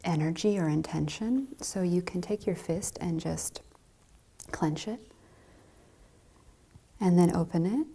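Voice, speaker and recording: Soft-spoken, slow, breathy woman teacher. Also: on the low side. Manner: slow, soft and gentle with light laughs. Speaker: Zen dharma teacher. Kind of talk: dharma talk.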